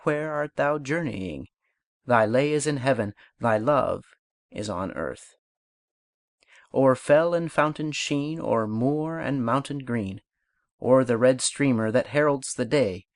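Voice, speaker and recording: Dry, measured male audiobook reader. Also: medium pitch, no echo. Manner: measured, unhurried recitation of verse and instruction. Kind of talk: scripted audiobook narration.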